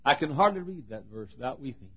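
A middle-aged man preaching a sermon, his voice dropping to a hush and then rising to loud, shouted exhortation. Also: mid-range voice, animated, fast talker, slightly rough, lo-fi sound.

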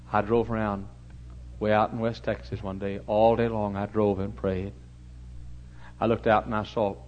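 Lo-fi recording of a low-voiced preacher. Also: male voice, a little hiss or hum. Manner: animated storytelling, suddenly loud when acting out shouted commands. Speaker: pastor. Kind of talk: storytelling sermon. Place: church.

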